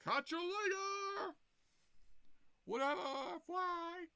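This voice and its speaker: A man's voice: sits high, very animated, takes it slowly, sharp tone, voice pushed up, heavily acted. A young man putting on the voice of a boastful male villain scientist, squealing his exclamations. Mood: gloating.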